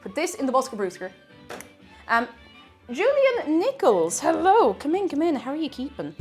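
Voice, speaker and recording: Young Irish woman from Tipperary, bright-pitched streamer who chats and laughs with her chat while cooking over soft music. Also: huge pitch swings, normal speed. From Tipperary, Ireland. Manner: chatty, giggly, greets chat while cooking. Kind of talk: casual cooking livestream chat.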